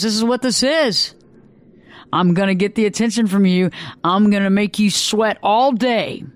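A high-voiced man hosts a live radio advice program, speaking with a smooth, resonant tone. He lectures emphatically and repeats his points for effect. The sound is dry and close, with almost no room echo. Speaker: radio talk show host.

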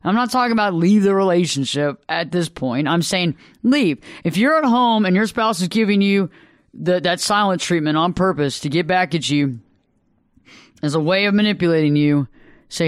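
A man's voice: sits high, normal speed, smooth, no room sound, clean studio sound. A man hosting a live radio advice talk show, emphatic and preachy, repeating phrases for effect.

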